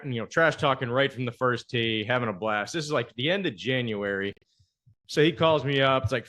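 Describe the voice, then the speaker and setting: Bright, lively storytelling podcast host. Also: male voice. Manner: animated storyteller, acts out quoted banter with big pitch jumps. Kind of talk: casual storytelling chat.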